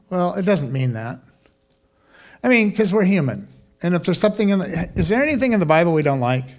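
A man pastor preaching a sermon in a conversational, animated way, with casual asides and questions to the congregation. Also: sits high, a little fast.

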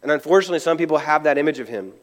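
A man's voice: fairly high pitch, expressive, rapid-fire, big-room sound. A male pastor preaching in a conversational way, acting out quotes and restarting his sentences. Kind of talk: sermon.

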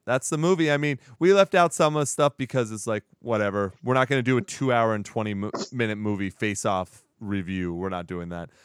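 Podcast host, man, lively storyteller with a resonant voice, recorded dry. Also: lowish voice, brisk, few pauses, clear, resonant tone, no room sound. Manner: animated storytelling, acts out quotes, laughs often. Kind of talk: casual movie review chat.

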